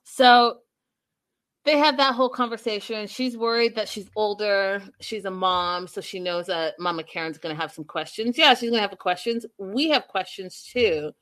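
A woman's voice: mid-range voice, moderate pace, a bit bright. A woman hosting a live recap chat who talks casually and addresses her viewers directly. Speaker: host.

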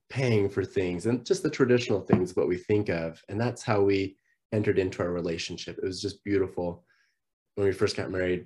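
A man's voice: low voice, darkish tone. A man candidly telling the story of his marriage, acting out remembered conversations. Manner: earnest, candid, acts out remembered dialogue. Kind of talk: personal storytelling on a podcast.

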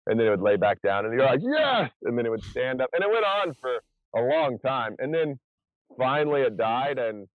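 A man's voice: medium pitch, lively intonation, brisk, no room sound. A man talking in a casual podcast chat as a guest, rambling with many restarts as he retells events. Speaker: podcast guest, survival show contestant. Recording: tinny phone-like sound.

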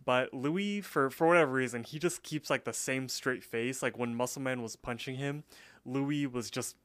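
A man's voice: medium pitch, normal speed, a bit bright, no echo. Chatty young man recapping a cartoon. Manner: chatty, many fillers, acts out quotes. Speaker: podcast co-host. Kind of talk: casual episode recap.

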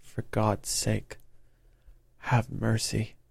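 A man's voice: monotone, very slow, gravelly, breathy edge, no echo, exaggerated voice. A man reading a cringing, pleading thief. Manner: pleading, shrill, desperate. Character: frightened, cringing young male hotel thief. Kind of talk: audiobook character reading.

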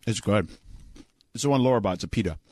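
A man's voice: on the low side, lively intonation, quick pace, a little mellow, dry recording, clean studio sound. A man co-hosting a casual chat show, talking loosely and rambling with lots of fillers. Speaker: co-host.

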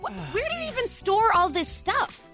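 A woman's voice: very high voice, big pitch swings, normal speed, pushed and bright, soft background music. A woman co-hosting a radio show, chatting and asking questions in an amused tone. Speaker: radio co-host.

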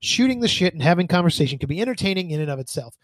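A man's voice: sits high, expressive, rapid-fire, no echo. A man co-hosting a podcast, chatting casually and teasingly, reading out listener emails. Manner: teasing, offhand, reads listener emails aloud. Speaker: podcast co-host. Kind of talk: casual chat. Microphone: desk mic.

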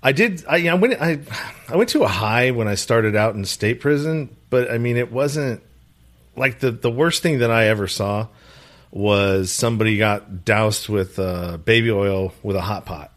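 Low-voiced man chatting bluntly. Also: lively intonation, moderate pace. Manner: laid-back, blunt, with frequent restarts. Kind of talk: casual conversation.

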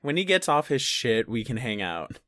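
Man co-host, bright tense voice, dry close sound, crude jokes. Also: mid-range voice, very animated, normal speed, no room sound. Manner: joking, profane, laughs often. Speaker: podcast co-host. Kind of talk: casual chat reviewing a horror movie.

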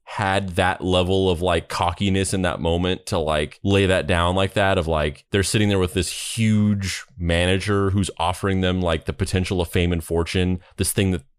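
A man's voice: low voice, steady tone, normal speed, hardly any pauses, smooth, dry recording, clean studio sound. A man hosting a podcast in casual chat, rambling with many restarts. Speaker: podcast host.

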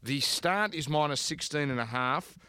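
A man's voice: on the high side, lively intonation, sharp tone, clean tone, no room sound. Chatty Australian man hosting a podcast. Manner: jokey, quick banter with rambling restarts. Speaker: betting podcast host. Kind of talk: casual sports chat.

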